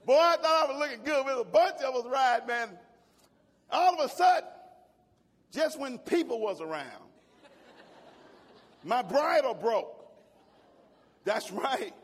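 A male pastor preaching a sermon in a church, switching between shouted exclamations and folksy jokes. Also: very high-pitched, lively intonation, a little slow, long pauses, breathy edge. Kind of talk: fiery sermon. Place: church sanctuary. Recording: long church-hall reverb.

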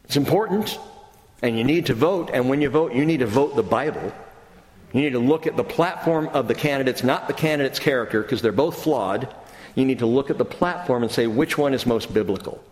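A man's voice: mid-range voice, a little mellow. Preaching man in an echoey hall. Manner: earnest preaching, reads scripture slowly, rising to emphatic bursts. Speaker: pastor. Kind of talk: sermon. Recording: roomy hall with long reverb.

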